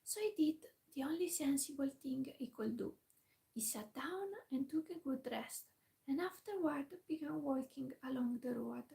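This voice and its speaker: A woman's voice: high-pitched, lively intonation, normal speed, creaky, low-quality recording. Whispering woman reading a storybook. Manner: soft whispered reading with quiet laughs and asides. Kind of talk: whispered role-play.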